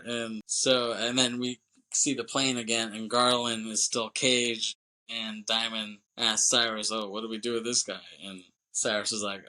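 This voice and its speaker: Animated podcast man recapping a movie. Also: mid-range voice, normal speed. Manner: animated retelling, acts out character lines, laughs often, swears. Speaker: podcast host.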